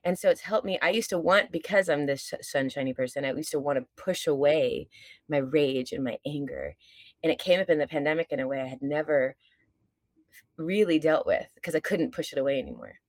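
A stage performer with a deep, low-set, darkish voice chats casually as a podcast guest, fairly quick and with big pitch swings. Earnest and reflective, she speaks candidly and lets the odd curse slip. The sound is dry and close, with no room around it.

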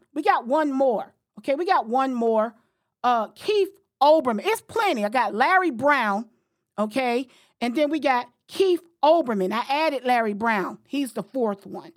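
A woman's voice: high voice, no room sound, clean studio sound. A woman hosting a podcast, talking bluntly and heatedly, with frequent profanity. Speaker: podcast host. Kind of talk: casual podcast chat.

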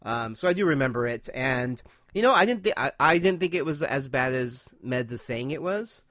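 A man's voice: mid-range voice, lively intonation, normal speed, fairly bright tone, no echo, studio quality. A man hosting a casual podcast chat, speaking hesitantly and qualifying his points often. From not British. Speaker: podcast host.

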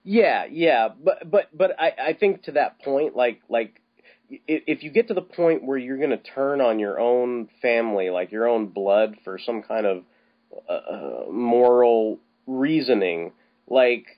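Man, podcast co-host, casual rambling film chat, mid pitch, muffled lo-fi sound. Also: unhurried. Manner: rambling, with many restarts and casual swearing. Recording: slightly dull, lo-fi podcast audio.

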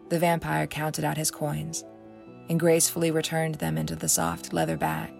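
Casting: low-voiced woman narrator, measured and expressive, gravelly texture, soft music behind. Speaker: author and narrator. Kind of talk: storybook narration.

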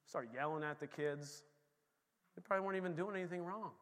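High-pitched guy preaching, chatty then loud and punchy, long reverb like a big church hall. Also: fast talker. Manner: animated, conversational, swings between quiet asides and emphatic points. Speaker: pastor. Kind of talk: sermon.

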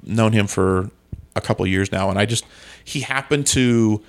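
Gravelly low-voiced man rambling. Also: moderate pace. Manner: rambling, self-correcting storyteller. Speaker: comedian and podcast guest. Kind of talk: casual podcast chat.

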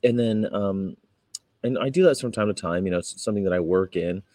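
A man's voice: sits low, a little fast, mellow, no room sound. A man from California vlogging casually about his street activism, rambling and acting out his run-ins. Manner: rambling storyteller, acts out confrontations in raised voices. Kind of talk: casual talking-to-camera vlog.

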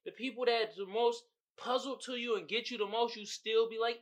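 Very high-pitched and speaking at normal speed, this young man hosts a podcast where he recaps a show. The talk is profane and lively, with laughter and character voices he does himself.

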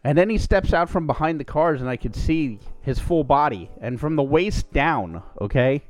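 A man's voice: on the high side, lively intonation, normal speed, faint music behind. A man co-hosting a podcast, telling a long profane story in casual chat and putting on quoted voices. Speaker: podcast co-host.

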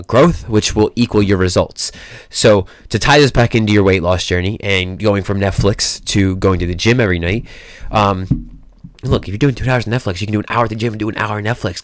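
A man's voice: fairly low pitch, dry recording, clean studio sound. A man who works as a fitness coach, giving a blunt motivational talk, swearing often and repeating himself.

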